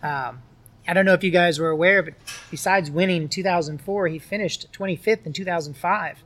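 A middle-aged man hosting a casual podcast, his voice sitting a bit high for a man. He jokes around and talks up his guest. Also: brisk, a bit bright. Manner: playful, hyping up the guest. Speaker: podcast host. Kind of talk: casual interview chat.

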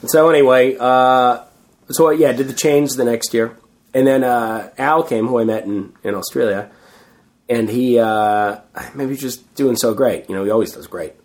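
A man's voice: mid-range voice, normal speed, a little mellow. A Canadian man, a street performer, telling rambling, self-deprecating stories full of fillers in a casual interview.

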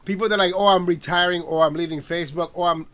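A man's voice: high voice, steady tone, fast, fairly bright tone. A man hosting a podcast in a casual, easygoing chat, telling stories and agreeing with his guest. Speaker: podcast host.

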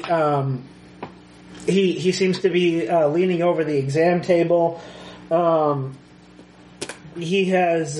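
A man narrating as game master of a tabletop game, hesitant and full of pauses. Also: a little high, darkish tone, reverberant, slight background noise, rough recording. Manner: hesitant, lots of ums.

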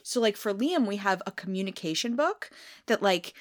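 A woman in her thirties from New England, co-hosting a podcast in casual chat, upbeat and quick to laugh. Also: mid-range voice, animated. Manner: upbeat, warm-voiced hosting, laughs often. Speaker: podcast co-host.

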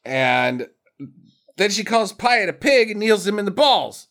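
A man with a slightly higher voice is retelling a movie plot to his friends. His delivery is loose and animated, and he slips into quick impressions of the characters as he goes. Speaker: podcast co-host. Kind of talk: casual movie recap chat.

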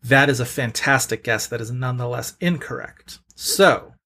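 A man's voice: medium pitch, moderate pace, pushed and bright. A man co-hosting a podcast and running a movie quiz, chatty and full of fillers. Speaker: podcast co-host and quizmaster. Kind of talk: casual movie quiz chat.

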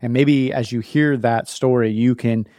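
Candid storytelling man, warm and dry. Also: medium pitch, fairly even intonation, a little slow, no room sound. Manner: candid, self-deprecating, laughs at himself. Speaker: podcast host. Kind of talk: storytelling talk.

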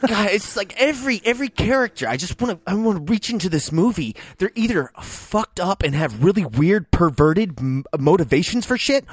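A man's voice: high voice, expressive, a little fast, hardly any pauses, husky, dry recording, studio quality. A man co-hosting a film podcast, ranting heatedly with lots of swearing. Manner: heated, swearing, loud outbursts. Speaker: podcast co-host. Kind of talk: profane ranting film review.

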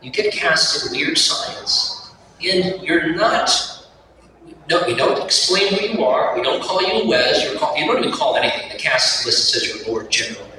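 A man's voice: fairly high pitch, animated, normal speed, distant mic. A man moderating a convention panel, asking long, rambling questions and correcting himself as he goes. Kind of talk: casual interview questions. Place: large convention hall. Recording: echoey hall with crowd noise.

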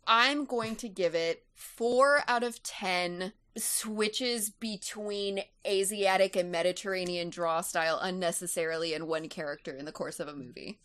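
A woman's voice: fairly low pitch, a little slow, few pauses, fairly bright tone. A woman giving her earnest, opinionated take in a casual movie review chat.

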